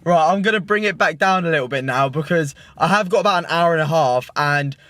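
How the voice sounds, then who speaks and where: A young British man vlogging casually to his own camera at home and in his car, excitable, slangy and full of swearing. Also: on the high side, fairly quick. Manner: excitable, slangy and sweary, keeps saying "mate". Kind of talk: casual vlog chat to camera. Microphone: self-filmed camera.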